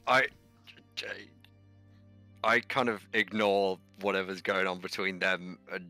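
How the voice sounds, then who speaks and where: A man's voice: sits low, fairly even intonation, slow pace, sharp tone, soft background music. A man playing a tabletop game on a stream, brash and swearing as he jokes with the table. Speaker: player. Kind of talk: casual tabletop game chat.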